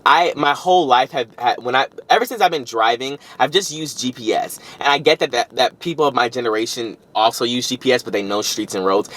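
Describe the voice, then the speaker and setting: A young man telling a story on his vlog, rambling and animated, with frequent restarts and self-corrections. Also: medium pitch. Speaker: vlogger.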